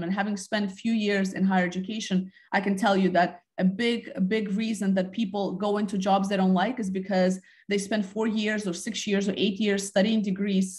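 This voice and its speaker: A woman guest on a business podcast, speaking conversationally and often restarting her phrases. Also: mid-range voice. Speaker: podcast guest, talent development head. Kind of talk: conversational interview.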